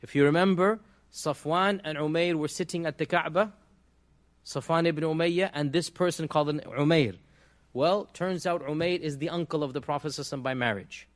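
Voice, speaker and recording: A man teaching a religious class, explaining patiently and checking in with his listeners, often pausing on fillers. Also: on the high side. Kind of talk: classroom lecture.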